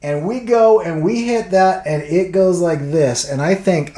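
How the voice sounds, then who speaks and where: A man's voice: on the high side, slow pace, echoey room. A man vlogging, telling a story casually and acting out what people said. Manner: animated storyteller acting out quotes.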